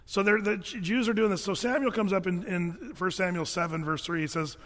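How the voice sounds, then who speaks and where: A man's voice: high-pitched, brisk, fairly bright tone, long reverb tail. A man preaching a sermon in a church, conversational and jokey, with frequent restarts. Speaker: pastor. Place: church sanctuary.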